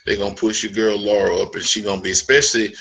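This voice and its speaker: A man's voice: lowish voice, flat delivery, fast talker, gravelly, fairly bright tone, slightly rough, rough recording. A man on a casual comic panel, teasing and slangy. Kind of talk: casual roundtable chat.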